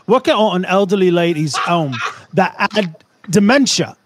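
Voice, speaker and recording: A man voicing a gruff Cockney tradesman with a fairly high voice spins a job-site tale in a drawn-out read, the accent laid on thick. The delivery is slow and deliberate. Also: animated, noisy background. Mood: storytelling. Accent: put-on Cockney.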